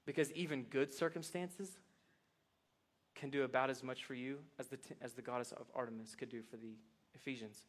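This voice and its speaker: A man preaching a sermon to a congregation, with a folksy, animated delivery that moves from soft reflection to excited emphasis. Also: fairly quick. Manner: animated, swings from soft reflective lows to loud excited highs; folksy, addresses congregation as y'all. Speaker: pastor. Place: church sanctuary.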